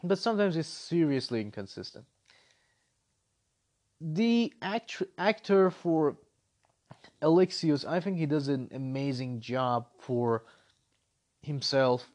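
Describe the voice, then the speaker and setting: A man giving a casual spoken game review, ranting in an animated, exasperated way. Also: on the high side, takes it slowly, pauses often.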